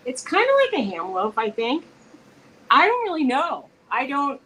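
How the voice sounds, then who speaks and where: A woman co-hosting a casual live-stream chat, telling stories with lively quoted dialogue. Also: high-pitched, normal speed, slight background noise, low-quality recording. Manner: chatty, animated storytelling with quoted dialogue. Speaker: co-host. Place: home.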